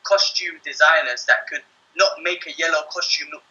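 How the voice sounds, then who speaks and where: A man hosting a casual film review chat, animated and acting out lines he quotes. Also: on the high side, normal speed, muffled recording. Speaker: podcast host reviewing a film.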